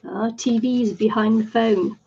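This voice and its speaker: A woman's voice: a little high, steady tone, moderate pace, vocal fry, a little mellow, dull audio, slight background noise. A woman from New Zealand hosting a casual craft livestream chat, chatty and laughing often. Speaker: livestream host.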